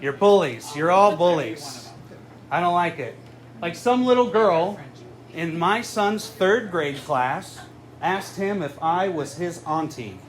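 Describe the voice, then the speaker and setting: High-voiced male stand-up comedian. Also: slow pace. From Southern California. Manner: deadpan, self-mocking delivery. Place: live comedy venue with audience. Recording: noisy live room ambience. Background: audience laughter.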